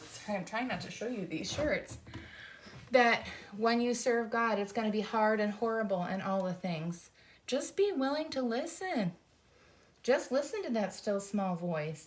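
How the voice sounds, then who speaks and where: A woman's voice: on the high side, expressive, unhurried, a little hiss or hum. A middle-aged woman speaks with earnest, fired-up emotion, hosting her own faith-based vlog. She urges listeners on in a heartfelt, personal way, as if talking straight to a friend. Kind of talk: heartfelt encouraging talk. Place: indoors, folding t-shirts.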